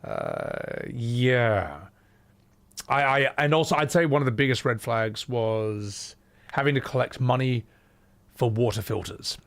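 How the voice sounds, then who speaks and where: Male streamer, gravelly, casual and loose-tongued. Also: mid-range voice, big pitch swings, a little slow. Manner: chatty, loose, swears casually. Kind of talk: casual live-stream chat.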